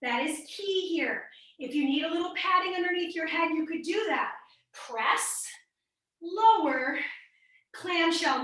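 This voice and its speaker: A woman's voice: extremely high pitch, expressive, unhurried, a bit bright. Upbeat woman fitness coach, light Midwestern accent, recorded from a distance in a very echoey room. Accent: Midwestern American. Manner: upbeat, encouraging coaching while exercising. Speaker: fitness instructor. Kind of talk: workout class instruction.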